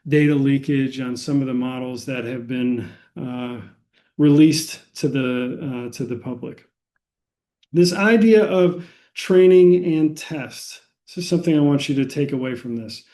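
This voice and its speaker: An American man teaching a statistics lecture, explaining unhurriedly with many pauses and filler words. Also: on the high side, warm tone. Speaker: statistics instructor.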